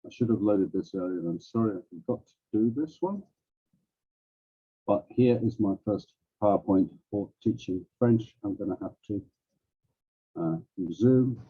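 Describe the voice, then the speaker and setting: A man's voice: measured pace, husky. A man, a language teacher, giving a workshop presentation over a video call. He acts out classroom prompts, and his voice leaps up and down as he demonstrates. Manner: animated, acts out classroom prompts with big pitch swings. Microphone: video call microphone. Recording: dull, lo-fi video call audio.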